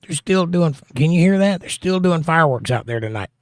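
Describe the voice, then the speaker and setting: A man's voice: fairly high pitch, lively intonation, brisk, no room sound, clean studio sound. A man hosting a casual livestream, greeting viewers and reading their chat comments aloud in a folksy, chatty way. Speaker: host.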